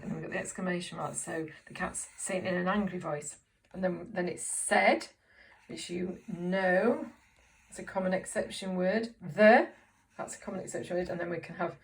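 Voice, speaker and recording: A woman's voice: medium pitch, animated, normal speed. A woman teaching a reading lesson to young children in an encouraging way, often asking tag questions. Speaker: primary school teacher.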